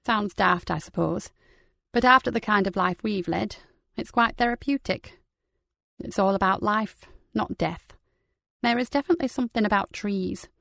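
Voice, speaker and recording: A woman's voice: medium pitch, normal speed, gravelly, sharp tone, dry recording. A woman voicing an older woman, a retired soldier turned gardener, reflective and dry-humored. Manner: dry, self-mocking, reflective.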